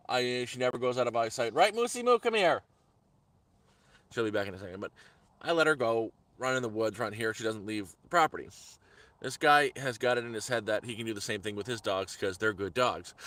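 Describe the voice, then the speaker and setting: A man's voice: mid-range voice, sharp tone, no echo. A man on a live stream outdoors in the woods, telling a heated story in repetitive bursts. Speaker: vlogger. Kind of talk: angry live-stream rant.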